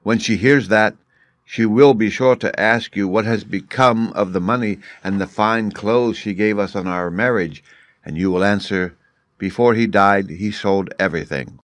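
A man's voice: on the low side, moderate pace, no echo, lightly acted. A man reading a story aloud, voicing a scheming, penniless male court jester in a pleading, eager way.

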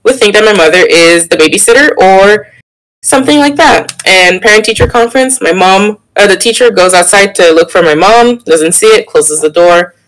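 A young man in casual podcast chat, telling an animated story with laughter and sudden jumps in pitch. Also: normal speed, low-quality recording. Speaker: podcast co-host.

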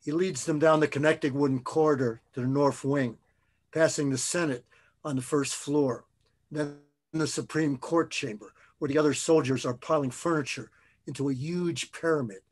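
A man, an author, reading his own novel aloud in a measured, expressive way. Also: a little high.

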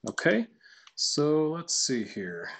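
Slow, casual man explaining software. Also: on the high side, wildly swooping pitch, gravelly, husky. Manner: casual, thinking aloud, reads lines out to test them. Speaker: tutorial presenter. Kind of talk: screen-recorded software tutorial.

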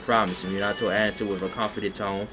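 A man reads a fanfiction aloud for a live-stream audience, slipping into mocking asides. Steady background music plays behind his voice the whole time. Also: medium pitch, fairly quick, poor audio. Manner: mocking, breaks off to comment and laugh. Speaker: fanfiction reader.

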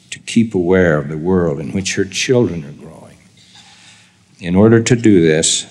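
An older man giving a formal devotional sermon in a slow, measured, deliberate way. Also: low voice, a little mellow. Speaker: church leader giving a devotional address.

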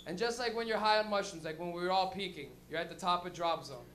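A young man with a very high, bright voice works a comedy club stage. He tells stories loosely and crudely, full of slang, in an animated stand-up manner. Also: fast talker, slight background noise.

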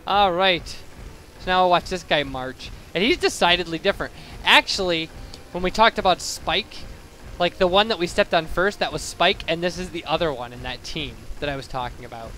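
Speaking into a boosted home mic with a little hiss or hum, a young let's play commentator gives casual, digressive commentary over his gameplay, fixing his sentences as he goes. His voice is fairly high and sharp at a moderate pace, and faint game music sits in the background.

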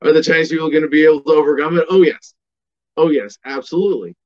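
A man's voice: a little high, fairly even intonation, fast, lo-fi sound. A man giving an emphatic political commentary monologue, asking and answering his own questions.

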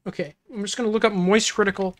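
A woman game streamer chats off the cuff with her audience, rambling from one thought to the next. She laughs easily and gets flustered, her voice sitting at a middling pitch. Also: fairly even intonation, quick pace. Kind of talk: casual livestream chat.

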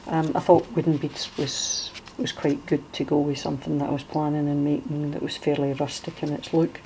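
A middle-aged woman with a Glasgow accent talks casually through a handmade journal, page by page. Her voice sits low and mellow. She rambles and restarts often. A faint noise floor runs beneath. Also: flat delivery, moderate pace, poor audio. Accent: Glaswegian Scottish. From Scotland. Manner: chatty, wandering, with many fillers and restarts. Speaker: crafter showing a junk journal. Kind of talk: casual show-and-tell.

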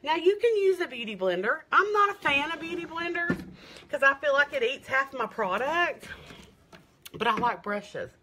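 A woman's voice: sits high, big pitch swings, moderate pace, sharp tone, a little hiss or hum. A middle-aged woman, doing a chatty live makeup demo and sales stream, gushing and greeting viewers by name. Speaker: makeup seller.

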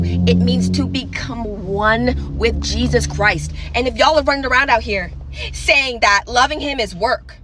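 A woman's voice: on the high side, sing-song, measured pace, noisy background. A young woman preaching online, fervent and emphatic, with casual slang and urgent repeated warnings. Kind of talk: impassioned preaching to camera.

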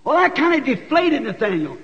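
High-voiced folksy preacher with twang. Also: male voice, fairly quick. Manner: folksy, animated, rising to shouts. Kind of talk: sermon storytelling. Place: church. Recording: dull 1960s church tape with long reverb.

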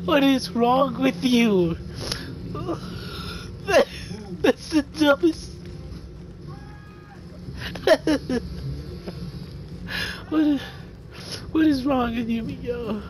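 A woman's voice: sits high, animated, very slow, long pauses. Giggly young woman gaming. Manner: giggly, laughs constantly, exclaims. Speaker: gamer streaming her play. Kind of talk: casual gaming chat. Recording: noisy game capture.

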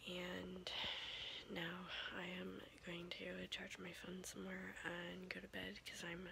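A sleepy young woman whispering a rambling late-night vlog in a hushed voice, trailing off now and then. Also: lowish voice, monotone, takes it slowly, vocal fry, background noise. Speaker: vlogger.

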